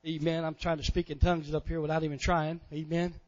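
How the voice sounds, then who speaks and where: A man preaching in a church, his voice high for a man, and he keeps saying amen in a folksy way as he builds up to loud points. The recording is dull and muffled, with long reverb from the sanctuary. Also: level tone, quick pace. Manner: folksy preaching with frequent amens, swelling loud on key phrases. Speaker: pastor. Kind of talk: sermon.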